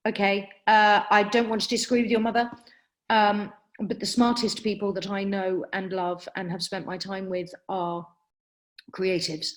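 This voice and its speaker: A woman's voice: medium pitch, little pitch movement, normal speed. Emphatic woman giving career advice. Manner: emphatic, direct advice with frequent ums. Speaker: acting practitioner answering audience questions. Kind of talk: webinar Q&A talk.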